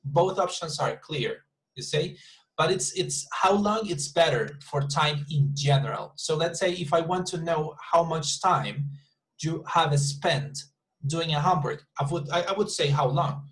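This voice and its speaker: A man's voice: fairly high pitch, expressive, a little slow, low-quality recording. Patient man teaching English online. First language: Spanish. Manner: patient, repeats and rephrases, checks understanding. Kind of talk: online class instruction.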